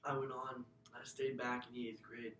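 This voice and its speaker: A young man giving an earnest, emotional personal testimony as a student speaker, often dropping to a hushed, breathy voice. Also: flat delivery, normal speed. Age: young adult. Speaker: student speaker telling his own story. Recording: echoey room, mic far off, faint rumble.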